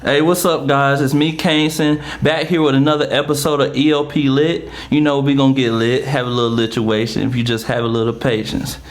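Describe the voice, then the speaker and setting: A man's voice: mid-range voice, little pitch movement, brisk, few pauses. A man hosting a casual podcast interview, circling his questions with lots of fillers and restarts. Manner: hesitant, full of fillers like okay and all right. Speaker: podcast host.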